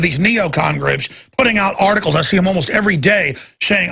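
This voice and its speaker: A male talk radio host with a gravelly, raspy voice, ranting hard and sarcastically. His tone is forceful and sits a little on the high side for a man. He runs heated political commentary in a driving delivery. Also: expressive, quick pace, few pauses.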